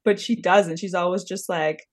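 A woman's voice: on the low side, steady tone, moderate pace. A woman co-hosting a podcast, gossiping in playful casual chat and laughing often. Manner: giggly, playful gossip with acted quotes. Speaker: podcast co-host.

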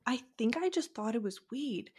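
A woman's voice: a little high, animated, normal speed, a little mellow, husky. Chatty woman guest, hedging and laughing. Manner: hedging, laughs often, restarts while recounting. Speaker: podcast guest. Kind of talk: casual podcast chat.

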